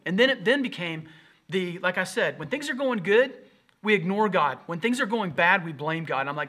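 A man in his thirties, a pastor, telling his own story in an earnest, animated sermon. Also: sits high, fairly quick.

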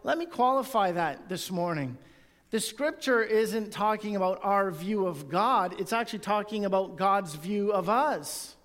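High-voiced man preaching in a reverberant church. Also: animated, measured pace, a bit bright. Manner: earnest preaching, reads scripture aloud. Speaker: pastor. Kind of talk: sermon.

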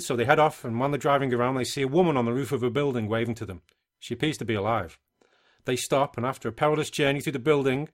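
Relaxed man laughing through a podcast chat. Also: medium pitch. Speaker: podcast co-host. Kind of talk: casual movie podcast chat.

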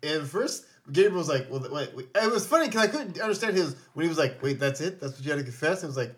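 A man's voice: on the high side, lively intonation, fast. A man co-hosting a casual podcast, recapping a TV episode with jokes and swearing, acting out the characters' lines. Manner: profane, joking, acts out characters' lines. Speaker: podcast co-host.

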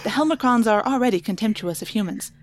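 A woman's voice: medium pitch, fast, natural voice. A woman voicing a patient, pedantic young male alien, reading a book aloud. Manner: calm, lecturing.

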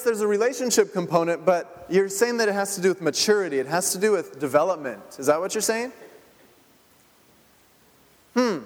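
A man in his thirties leads a sermon with an easy, conversational manner, often checking in with the congregation and laughing along. His voice sits high, and it carries into a long, ringing hall reverb. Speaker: pastor. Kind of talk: interactive sermon. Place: church sanctuary.

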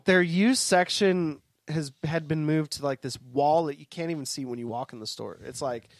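A man's voice: fairly high pitch, normal speed, dry recording. A man co-hosting a podcast as a guitarist, rambling in casual chat with frequent swearing. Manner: rambling, swears and laughs a lot.

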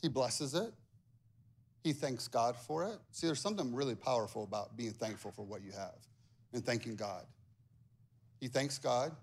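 A man preaching a sermon as pastor, animated and acting out the voices of the people he quotes. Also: mid-range voice, normal speed, pauses often, slightly rough.

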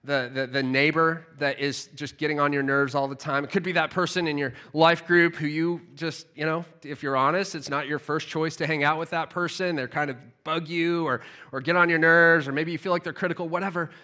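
A man preaching a sermon with animated storytelling, often repeating words as he restarts. His voice is bright and forceful, a touch high for a man. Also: brisk, few pauses. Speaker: pastor.

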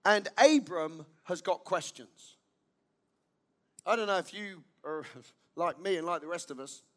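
Man, pastor, sermon, high-pitched, emphatic, repeats key lines, questions the congregation. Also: unhurried.

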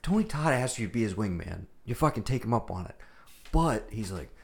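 A man co-hosting a casual movie-review podcast. His voice sits fairly low, and he talks in an animated, profane way, slipping into the characters' lines as he retells scenes. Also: a little fast, gravelly. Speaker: podcast co-host.

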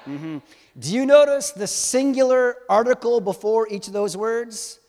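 At a moderate pace, a high-voiced man gives a lively sermon before a live congregation, moving from hushed to loud, ribbing his listeners and quizzing them. His voice trails off into long hall reverb.

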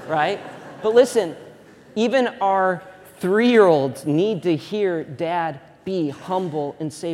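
A man in his thirties preaches in a church sanctuary with a fairly high voice. He swings from loud, emphatic lines to hushed, personal storytelling. A long reverb from the big hall trails behind his words. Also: unhurried. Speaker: pastor. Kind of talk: sermon.

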